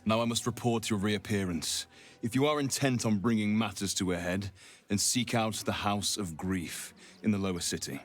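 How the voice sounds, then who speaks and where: A sneering, menacing cultist, played by a man in a fantasy game. His voice sits fairly low, with faint music behind it. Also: lightly acted. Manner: sneering, measured. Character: cold, scornful male cultist, menacing.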